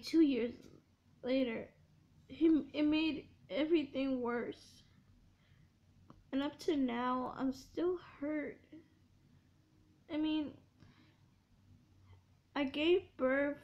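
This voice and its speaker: A young woman tells her own heartbreak story in a tearful, heartfelt way. She talks haltingly, often restarting and repeating herself. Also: high-pitched. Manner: halting and repetitive, with many restarts and fillers. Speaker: vlogger. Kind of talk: emotional storytime confession. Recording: dull lo-fi recording.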